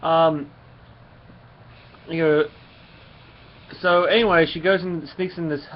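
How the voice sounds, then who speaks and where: A man's voice: a little high, steady tone, slow. A man casually reviewing a comic book and retelling its story in a rambling way, with many fillers. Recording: slightly muffled, faint background hum.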